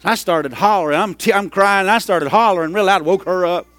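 A middle-aged man preaching a sermon, telling a story and rising into loud, excited hollering. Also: high voice, fairly quick, no echo. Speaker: pastor.

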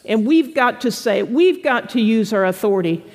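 A woman pastor preaching an animated sermon to a congregation, slipping into playful voices for quoted people. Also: on the high side, normal speed, big-room sound. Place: church sanctuary with congregation.

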